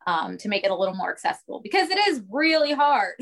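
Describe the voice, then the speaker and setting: A woman's voice: medium pitch, very animated, fast, a bit bright. A woman guesting on a podcast in casual chat, talkative, with lots of "like" and frequent laughs. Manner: chatty, lots of "like", laughs often.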